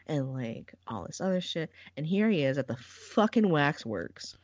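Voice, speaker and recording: A woman's voice: deep voice, lively intonation, normal speed, hardly any pauses, a little mellow, no room sound, highs cut off. A woman co-hosting a podcast in casual chat, rambling with lots of fillers and casual swearing. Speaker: podcast co-host.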